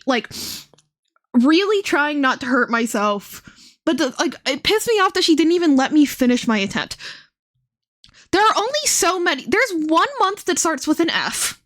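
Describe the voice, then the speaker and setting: A young woman in her twenties livestreaming, her voice pitched a little high. She barely opens her mouth to protect sore, blistered lips, which muffles her words a touch. She rambles chattily, with plenty of fillers and side remarks. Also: sing-song, moderate pace, a bit bright. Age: 20s. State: sore blistered lips, talking with mouth held nearly closed. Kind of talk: casual chat stream.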